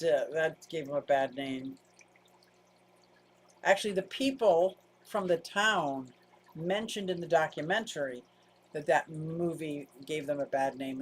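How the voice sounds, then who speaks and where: A woman's voice: deep voice, a little hiss or hum. Rambling chatty woman hosting a livestream. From upstate Pennsylvania. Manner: rambling, chatty, self-interrupting. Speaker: livestream host. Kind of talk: casual livestream chat reading comments.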